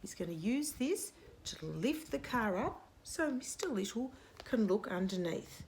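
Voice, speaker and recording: A woman's voice: medium pitch, big pitch swings, unhurried, a little mellow, slight background noise. A middle-aged woman hosting story time, reading a picture book aloud to children with dramatic whispers and playful sound effects.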